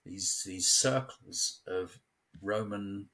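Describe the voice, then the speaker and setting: A man's voice: low-pitched, extremely slow, bright, forceful tone. A man from England chatting casually as a local guest, telling stories and laughing often. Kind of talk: casual chat. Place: at home near a village.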